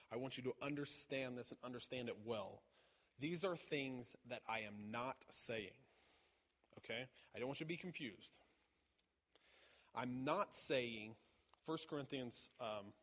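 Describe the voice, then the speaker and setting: A man preaching a sermon in a casual, halting way, with many fillers and restarts. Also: medium pitch. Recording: long reverb of a large hall.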